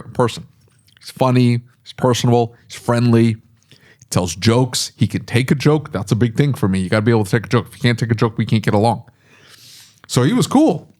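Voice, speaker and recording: A middle-aged man, a shop owner, chatting casually on a podcast and telling rambling, animated stories. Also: medium pitch, fairly quick. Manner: rambling, animated storytelling with laughs.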